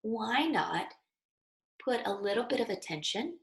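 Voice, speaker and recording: A woman's voice: fairly high pitch, big pitch swings, measured pace. Encouraging woman teacher, echoey room. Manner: earnest, encouraging, conversational with fillers. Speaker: yoga teacher. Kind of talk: casual spoken teaching.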